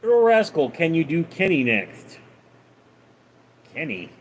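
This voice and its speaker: A man hosting a casual livestream, reading viewer questions aloud and answering them in a deadpan way. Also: on the high side, slow. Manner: deadpan, reads names then answers. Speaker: livestream host.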